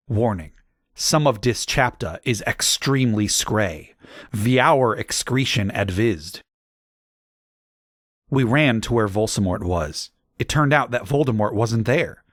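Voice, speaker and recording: A man narrating a comedic audiobook in a deadpan manner, with dry asides. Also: fairly low pitch, slow, no echo.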